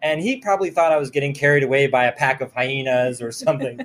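A man telling a story in casual chat, animated and laughing as he acts out the scenes. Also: mid-range voice, quick pace.

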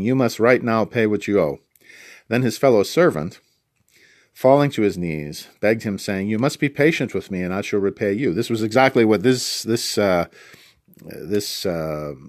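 A man's voice: low voice, dry recording, clean studio sound. A man teaching a Bible passage in a conversational, rambling way, explaining it in his own words with many restarts and asides. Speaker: preacher.

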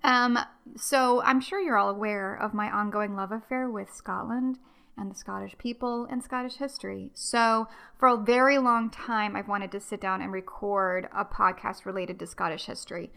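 Bright-voiced woman podcaster chatting. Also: medium pitch, fairly even intonation, moderate pace, gravelly. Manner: friendly, rambling, apologetic, many fillers. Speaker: podcast host. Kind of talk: casual chat to listeners.

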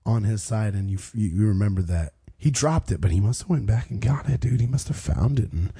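A young man with a husky voice runs a tabletop game, narrating scenes in a rambling, loose way. His pitch moves around a lot, and fillers and restarts pile up as he describes the scene. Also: animated, brisk, dark tone. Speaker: game master.

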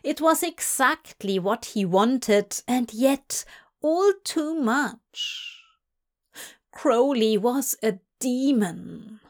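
A woman reading a story aloud in a soft, hushed voice that drifts into whispers. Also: a little high, animated, very slow. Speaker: audiobook reader. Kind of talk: narrating fan fiction aloud.

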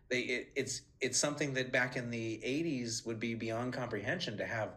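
Chatty man telling lively stories. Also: a little fast, hardly any pauses. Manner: animated storyteller, many restarts, jumps high when quoting. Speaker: interview guest, former assistant. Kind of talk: casual interview talk.

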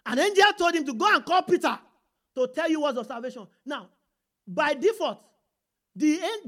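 A woman preaching an animated sermon, reading scripture aloud and calling out to the congregation. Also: high voice, moderate pace, long pauses.

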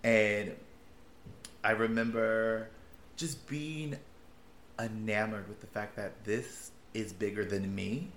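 A man in his late twenties, a podcast co-host chatting casually, gushing and swearing, quick to laugh. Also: fairly low pitch, steady tone, a bit bright, roomy sound. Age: late 20s. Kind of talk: casual chat.

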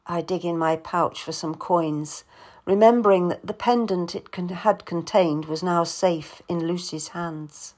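A woman reading a first-person historical story aloud, in a quiet, measured storytelling manner. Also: fairly low pitch. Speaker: narrator. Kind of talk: audiobook narration.

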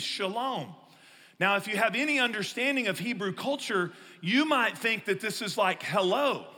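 High bright pastor preaching. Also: male voice. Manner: storytelling with jokes, swings from loud to hushed. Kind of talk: sermon. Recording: long echo of a large hall.

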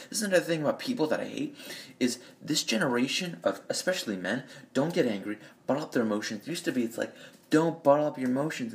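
A man delivering a blunt, profane, rambling rant. He talks into a phone in an echoey room. His speech wanders from point to point without letting up. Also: medium pitch. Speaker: vlogger. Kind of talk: ranting monologue.

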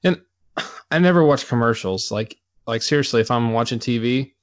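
A man with a mid-pitched voice co-hosts a casual podcast and grumbles bluntly about what annoys him. The sound is dry and close to the mic. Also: normal speed, no room sound. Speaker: podcast co-host. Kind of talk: casual chat.

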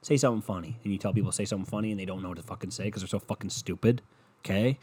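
A man's voice: low-pitched, rapid-fire, darkish tone, husky. A man hosting a solo podcast from his bedroom, talking in a rambling, profane, jokey way. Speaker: podcast host. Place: bedroom, in the dark. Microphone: microphone.

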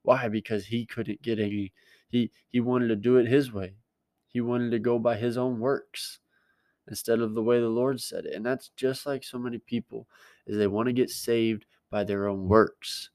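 A man's voice: mid-range voice, steady tone, normal speed, darkish tone, dry recording. A male pastor giving a conversational sermon, plain-spoken and emphatic, repeating his key words.

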